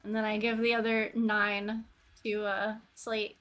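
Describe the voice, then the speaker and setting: A woman's voice: mid-range voice, monotone, a little slow, fairly bright tone. A woman playing a tabletop game in casual chat, talking freely and laughing often. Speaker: player. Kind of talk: casual tabletop role-play.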